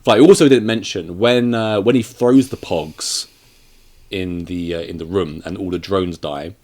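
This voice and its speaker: A man's voice: low-pitched, moderate pace, a little mellow. A man hosting a casual film review chat, rambling and joking with frequent laughs, on camera in a room with shelves.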